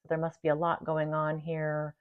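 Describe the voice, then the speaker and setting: A woman with a low voice talks casually to her channel's viewers, chatty and quick to laugh. She warmly thanks them as she goes. The recording sounds a little dull and lo-fi. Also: completely flat delivery. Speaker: channel host. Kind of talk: casual talk to camera.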